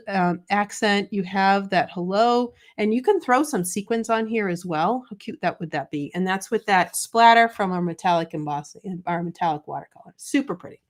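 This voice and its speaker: Chatty middle-aged lady doing a live craft stream, bubbly, pokes fun at herself, talks while she cuts. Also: medium pitch. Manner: chatty, bubbly, self-deprecating, reads viewer comments aloud. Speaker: craft show host.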